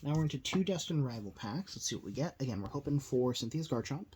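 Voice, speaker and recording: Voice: medium pitch, animated, fast, darkish tone, slight background noise. A host giving casual, rambling commentary while opening card packs, a little tired and full of fillers. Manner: rambling, filler-heavy, self-deprecating.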